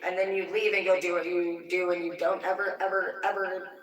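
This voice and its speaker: A woman's voice: lowish voice, flat delivery, a little fast. A woman on a livestream, ranting in a heated, vulgar, rambling way. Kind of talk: profane angry rant on a livestream. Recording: echoey room, distant from the mic.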